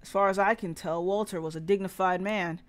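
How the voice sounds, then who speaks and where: A woman voicing a calm small-town male sheriff in a story game, with a slow put-on drawl. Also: medium pitch, close to an everyday voice.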